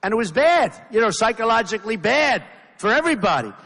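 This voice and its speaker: A man's voice: high-pitched, very animated, fast talker, a bit bright. Rambling male candidate in echoing hall. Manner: rambling, repetitive, emphatic. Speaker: political candidate. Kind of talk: campaign rally speech. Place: large rally venue. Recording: long reverb of a big hall.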